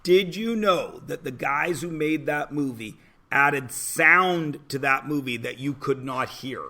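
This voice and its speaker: Bright-voiced joking math teacher, man. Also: fairly high pitch, slow pace. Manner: chatty, joking asides to students. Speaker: high school math teacher. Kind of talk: classroom lecture. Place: classroom.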